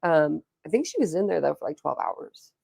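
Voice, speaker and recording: A young woman telling long, rambling stories to her livestream chat in a casual, chatty way. Her voice sits low and has a gravelly fry to it. The sound is dry and close, with no room echo. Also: animated, moderate pace, dark tone. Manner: rambling storytelling, chatty, reads and answers chat. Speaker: livestream host.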